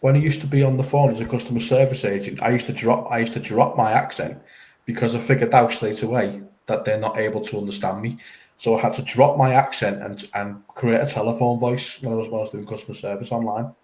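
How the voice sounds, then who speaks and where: A man's voice: mid-range voice, fairly even intonation, fast, a little mellow. A man with a Scouse accent chatting casually, blunt and dismissive in his opinions. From Liverpool, England. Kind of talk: casual chat.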